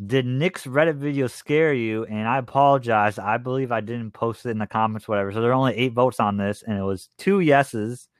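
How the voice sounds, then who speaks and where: A young man co-hosting a casual podcast, teasing his co-host and quickly reading out poll results. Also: mid-range voice, no room sound.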